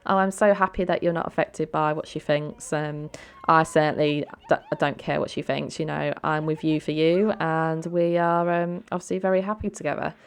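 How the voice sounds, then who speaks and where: A woman voicing a gentle devoted girlfriend. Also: low voice, level tone, moderate pace, hardly any pauses, slight background noise. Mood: reassuring.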